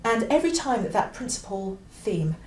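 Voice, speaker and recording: A woman teaching the oboe, explaining a piece with clear emphasis and now and then singing a phrase. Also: medium pitch, sing-song, normal speed, darkish tone, roomy sound. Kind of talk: instructional explanation.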